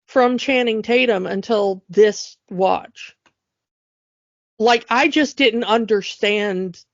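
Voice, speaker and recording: A woman co-hosting a podcast, talking in an animated, emphatic way as she rants. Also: medium pitch, creaky, no room sound. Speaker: podcast co-host. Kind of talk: casual chat. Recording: dull lo-fi dry sound.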